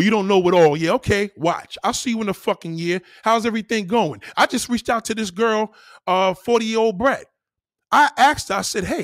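A man's voice: high voice, a bit bright, no room sound, clean studio sound. A man hosting a live stream alone, ranting to his chat in a profane, combative, preachy way. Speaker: livestream host.

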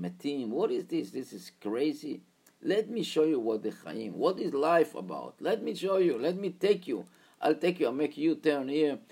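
A man's voice: medium pitch, creaky, husky, voice pushed up, full character voice. A man voicing a brash, mocking secular taxi driver in a story he tells. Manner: loud, scoffing, boastful.

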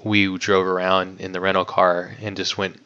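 Male guest, low gravelly voice, smooth and resonant underneath, loose chatty delivery with frequent fillers, dull lo-fi recording. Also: completely flat delivery, moderate pace, pushed and bright. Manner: rambling, heavy on "like", swears casually. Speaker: guest filmmaker. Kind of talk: casual podcast interview. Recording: dull lo-fi audio.

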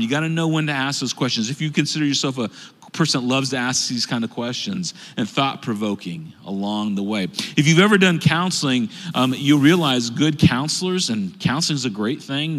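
A man's voice: mid-range voice, normal speed, big-room sound. A middle-aged man, a pastor, preaching a sermon from a church stage, telling stories and acting out quotes with animation. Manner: animated storytelling with acted quotes.

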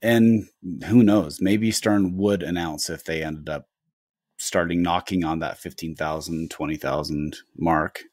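A man co-hosting a podcast in casual chat, talking in a measured, reflective way with halting phrases. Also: low-pitched, steady tone, a little mellow, dry recording, clean studio sound. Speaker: podcast co-host.

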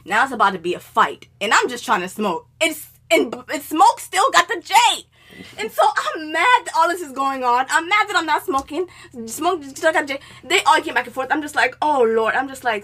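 A woman co-hosting a podcast, telling a profane story in casual chat and getting more animated and loud. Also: very high voice, moderate pace. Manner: animated, profane, rising to shouting as she relives anger.

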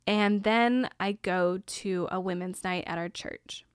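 A woman's voice: mid-range voice, steady tone, slow, smooth, no echo, studio quality. A young woman hosting a podcast, telling a personal story in a candid, casual way with lots of "like". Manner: casual, candid, says "like" often. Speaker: podcast host.

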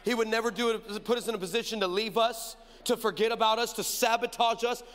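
A man preaching a sermon, telling a story and acting out the dialogue with animated energy. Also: very high voice, a little fast. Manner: animated, acts out dialogue, builds to shouted preaching. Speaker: pastor. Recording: long hall reverb.

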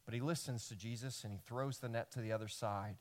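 A man's voice: medium pitch, fairly even intonation, fast. Male pastor preaching a storytelling sermon. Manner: storytelling, swinging between loud emphasis and hushed lines. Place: church service before a congregation.

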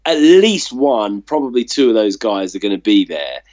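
Rambling low-voiced man, dull dry sound. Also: sing-song, moderate pace, a little mellow, no room sound. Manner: rambling, loose, lots of fillers. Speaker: podcast co-host. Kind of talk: casual sports chat.

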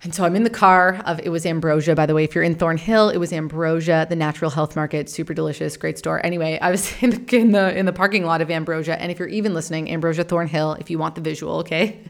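Frank woman with a gravelly low voice. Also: fast talker, few pauses. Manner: frank and animated, swears casually, laughs often. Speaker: podcast host and meditation teacher. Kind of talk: candid personal storytelling.

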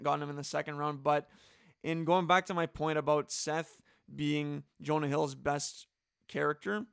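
A man's voice: on the high side, vocal fry, a bit bright, clean tone, dry recording, clean studio sound. A man casually chatting on a podcast, talkative and enthusiastic, full of "like" fillers. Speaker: podcast co-host drafting movie characters.

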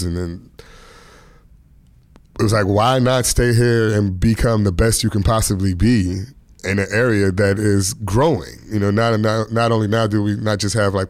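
A man's voice: fairly low pitch, steady tone, moderate pace, no room sound. A comedian in his thirties or forties from the Washington, D.C. area, telling stories in a loose, laid-back way with frequent chuckles. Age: 30s to 40s. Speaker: stand-up comedian guest. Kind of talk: casual interview storytelling.

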